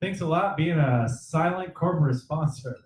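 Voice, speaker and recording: A man's voice: on the high side, normal speed, roomy sound, rough recording. A man co-hosting a comedy show, delivering a mock-serious weather report and chuckling often.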